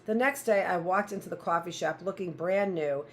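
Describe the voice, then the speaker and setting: Low-voiced woman reading a novel aloud. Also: moderate pace, slight background noise. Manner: plain, first-person storytelling. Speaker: teacher.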